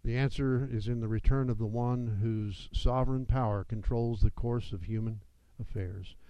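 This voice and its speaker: A man's voice: mid-range voice, fairly even intonation, moderate pace, warm tone, clean tone, no room sound, highs cut off. A man preaching a sermon as pastor, with emphatic delivery that rises and falls.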